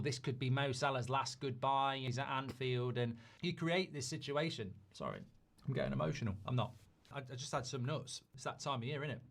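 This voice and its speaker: A man giving measured football commentary, reasoning through options with the odd quick aside. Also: mid-range voice. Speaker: football pundit in a played clip.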